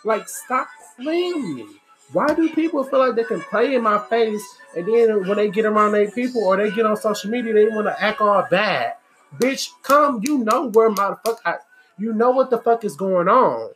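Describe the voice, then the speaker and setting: Brief: exasperated woman, blunt and foul-mouthed, mid-pitch, music audible behind her. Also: lively intonation, normal speed, fairly bright tone. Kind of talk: candid ranting monologue.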